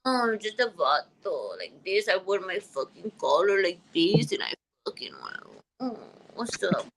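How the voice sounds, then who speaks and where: A woman's voice: medium pitch, sing-song, moderate pace, fairly bright tone, a little hiss or hum, poor audio. A woman voicing a swaggering, slang-slinging tough street guy who smokes and picks fights, drawling his words.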